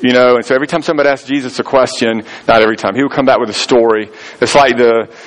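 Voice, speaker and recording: A man's voice: mid-range voice, steady tone, racing, low-quality recording. A man preaching a sermon in a conversational storytelling way, acting out the voices of people he quotes. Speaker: pastor.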